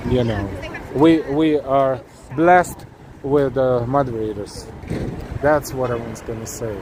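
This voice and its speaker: Effusive man streaming from noisy streets. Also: mid-range voice. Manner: effusive, thanks viewers at length, many restarts and fillers. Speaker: live-stream walking tour host. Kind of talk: casual live-stream chat while walking. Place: city streets outdoors at night. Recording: noisy outdoor street recording. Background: street traffic noise.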